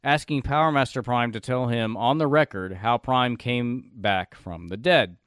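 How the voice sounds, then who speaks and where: A man hosting a casual podcast, animated and laughing often as he reads out segments. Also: mid-range voice, unhurried, smooth, no echo, studio quality. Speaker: podcast host.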